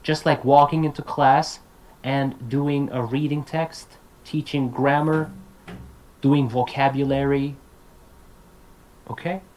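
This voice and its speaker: Male lecturer, mid-pitched, direct and energetic, drills example words over a video call. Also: takes it slowly, long pauses, a little hiss or hum, rough recording. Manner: casual and direct, repeats himself. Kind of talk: online talk to language teachers.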